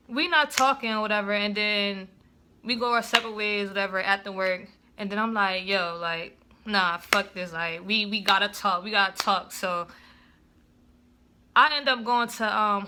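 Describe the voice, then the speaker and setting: A young woman, casually telling a story and acting out her own past lines, with lots of swearing. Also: mid-range voice. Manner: animated retelling, acts out own past lines, heavy swearing.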